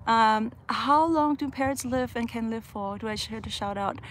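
A woman's voice: fairly high pitch, moderate pace. A young woman hosting a casual live chat, reading viewer comments aloud and answering chattily, laughing often. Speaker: livestream host answering viewer questions.

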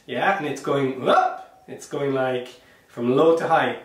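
A man's voice: mid-range voice, slow. A man leading an online percussion workshop. He speaks encouragingly, wears a small clip-on mic, and chants rhythm syllables aloud to demonstrate. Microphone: small clip-on microphone. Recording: very echoey room, voice sounds distant.

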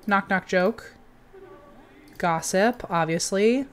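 A young woman giving casual commentary while playing a game, chatty and given to sudden excited outbursts. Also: medium pitch, takes it slowly. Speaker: game streamer.

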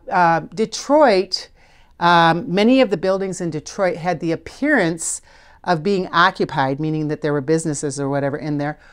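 A middle-aged woman teaching a spelling lesson on video, patient and encouraging, sounding out letters slowly. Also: on the low side. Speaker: literacy teacher.

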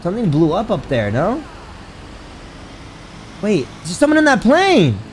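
Excitable swearing man streaming a game. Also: high-pitched, unhurried, slight background noise, rough recording. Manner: excitable, swears often, yelps in surprise; talks to chat while reading menus aloud. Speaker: gaming streamer. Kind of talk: live gameplay commentary.

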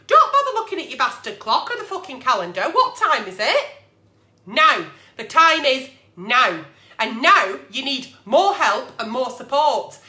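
A woman hosting an advice vlog as an agony aunt, blunt, profane and animated as she rants her answers. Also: high-pitched, roomy sound.

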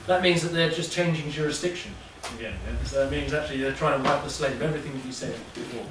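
Talking fast in a slightly high voice, a man rambles chattily before a room of listeners, repeatedly asking "yeah?". The sound is echoey, captured from a distance, with a faint noise underneath.

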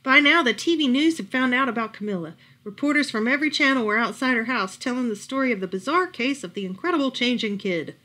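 A woman reading a picture book aloud at a library storytime, expressive and lively. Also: on the high side, quick pace, hardly any pauses.

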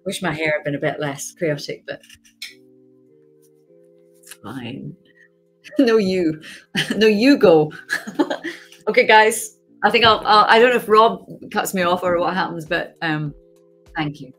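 Low husky woman chatting. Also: lively intonation, normal speed, long pauses, a bit bright, soft background music. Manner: chatty, laughs often, reads chat aloud. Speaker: actress hosting a fan signing livestream. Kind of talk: casual livestream chat.

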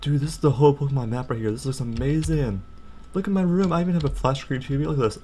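A young man giving casual, jokey let's play commentary and reading game text aloud, excitable and prone to sudden outbursts. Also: racing, a little hiss or hum. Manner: excitable, jokey, jumps to high-pitched outbursts. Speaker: gaming channel host.

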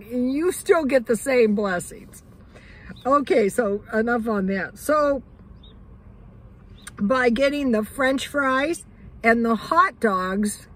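A woman's voice: high-pitched, husky, poor audio. An older woman vlogger chatting casually about living on a budget, rambling with lots of fillers.

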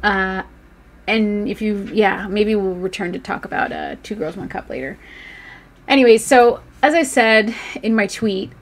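A woman's voice: medium pitch, expressive, measured pace. A woman in her thirties casually chatting on a live stream, reading viewer comments aloud, swearing freely and laughing often.

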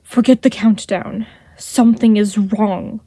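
A sly, wary young man, as a woman reads him who murmurs low and tense. The tone is mellow. It sounds dry and close. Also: fairly even intonation, measured pace, slightly rough, dry recording. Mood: insistent.

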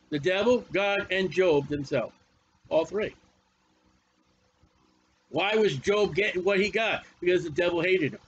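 Male preacher, high-pitched, folksy and emphatic, slightly dull recording with faint background ambience. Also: a little hiss or hum. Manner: folksy, emphatic, repeats phrases. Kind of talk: Bible study sermon.

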